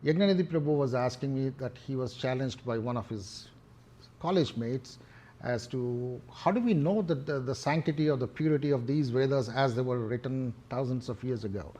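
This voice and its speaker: A middle-aged man with an Indian English accent giving a devotional discourse, talking in a halting way with many fillers and restarts. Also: mid-range voice, warm tone. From Hyderabad, India. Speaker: temple speaker.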